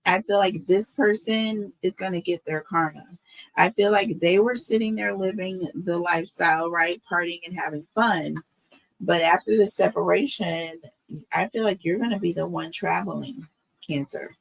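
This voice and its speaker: A woman's voice: fairly low pitch, moderate pace, vocal fry, low-quality recording. A woman with a lilt giving a tarot reading, emotional and repeating herself, checking in with okay and right. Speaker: tarot reader.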